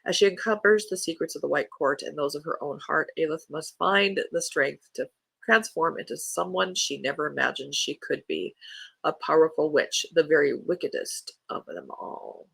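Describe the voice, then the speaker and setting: A book podcast host chatting casually and reading new-release blurbs aloud in an even storytelling way. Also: mid-range voice, normal speed, vocal fry, breathy edge, no echo.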